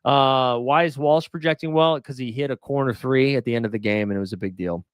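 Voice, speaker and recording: A man hosting a casual livestream, chatting and reading viewer comments, animated, swinging from mock outrage to mumbled asides. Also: medium pitch, a little fast, clear, resonant tone, dry recording, studio quality. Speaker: livestream host.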